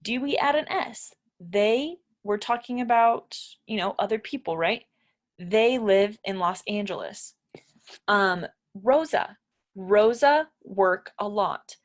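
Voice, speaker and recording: A woman's voice: mid-range voice, expressive, slow pace. Patient woman teaching grammar. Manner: patient, explains step by step, asks learners questions. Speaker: English teacher. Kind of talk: grammar lesson.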